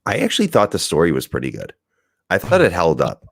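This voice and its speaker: A man's voice: low-pitched, huge pitch swings, brisk, vocal fry, slightly rough, dry recording. A man co-hosting a podcast, chatting casually and rambling through a movie review, laughing and swearing as he goes. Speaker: podcast co-host.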